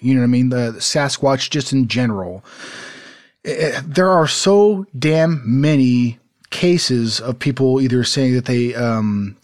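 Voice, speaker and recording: A male podcast co-host with a mid-range, darkish voice chats casually from home in a desert city. He rambles, laughs easily, and is full of fillers and restarts.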